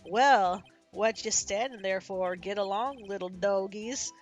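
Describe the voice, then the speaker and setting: A woman's voice: medium pitch, a little slow, dull audio, soft background music, voice pushed down, lightly acted. A woman voicing a laid-back male cowboy security officer with a folksy Western drawl. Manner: folksy Western drawl, calls people partner.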